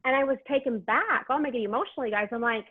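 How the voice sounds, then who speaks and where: A woman guest telling her story in a lively, emotional, casual way during an interview. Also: on the high side, husky, no room sound. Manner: lively, emotional, quick asides. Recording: tinny phone line.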